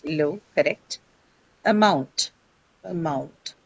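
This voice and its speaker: Woman, low voice, dry close sound, English teacher, patient explanations, quizzes the class. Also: drawn-out words, gravelly, breathy edge, no echo, rough recording. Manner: patient, explanatory, asks questions then answers them, frequent "right?". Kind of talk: pronunciation lesson to a class.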